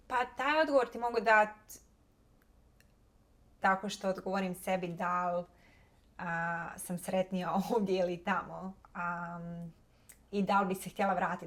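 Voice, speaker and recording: A woman with a Croatian accent hosting a podcast, reflecting in casual chat. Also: mid-range voice. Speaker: podcast host.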